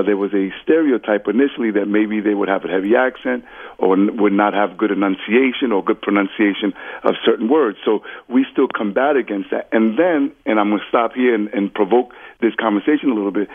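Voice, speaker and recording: A man from the Bronx calls in as a guest and speaks earnestly, stopping and restarting with many fillers. His voice sits low and comes through a thin, phone-like line. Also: breathy edge. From the Bronx, New York. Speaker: guest, borough official. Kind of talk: live call-in interview. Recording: phone-line call-in audio.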